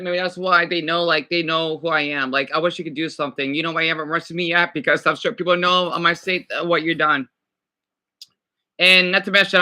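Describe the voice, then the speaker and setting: Guy with a really bright edgy voice, kinda high, ranting all heated and cussy, trips over his words. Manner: heated, profane, stumbling restarts. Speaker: reaction vlogger. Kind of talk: ranting reaction commentary.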